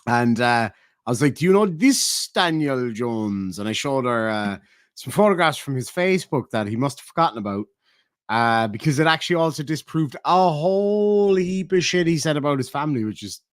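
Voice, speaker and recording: A man's voice: mid-range voice, animated, fairly quick, no echo, clean studio sound. A man telling a profane, sardonic story in a vlog rant. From Ireland. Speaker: YouTuber. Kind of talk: ranting vlog monologue.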